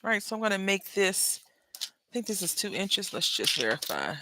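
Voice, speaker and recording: A woman's voice: mid-range voice, sing-song, normal speed, very noisy. A woman hosting a crafting tutorial, chatting casually and rambling into asides to her viewers as she works. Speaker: crafting channel host.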